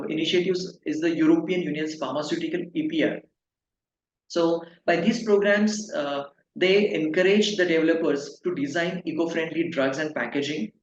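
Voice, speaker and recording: Halting man with many fillers. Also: on the high side. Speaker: pharma consultancy director, guest. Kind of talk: interview answers. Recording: echoey, dull, faint noise.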